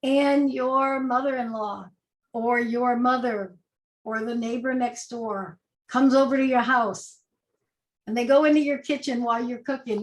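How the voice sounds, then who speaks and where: Higher-voiced woman giving a coaching talk. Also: steady tone, a little slow, reverberant, low-quality recording. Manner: conversational and direct, with rhetorical questions. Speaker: agile coach and speaker. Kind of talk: presentation talk.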